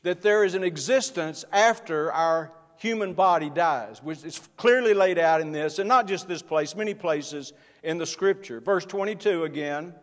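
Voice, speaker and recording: A man's voice: a little high, normal speed, hardly any pauses. A man preaching a sermon as pastor, earnest and building in force as he speaks. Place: church sanctuary. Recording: long hall reverb.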